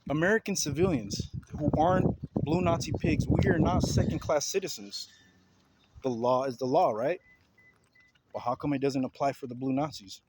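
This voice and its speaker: Brief: man, confrontational vlog rant, raised pitch, faint background noise. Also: normal speed. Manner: heated, repetitive, confrontational. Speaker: vlogger. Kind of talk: ranting video commentary.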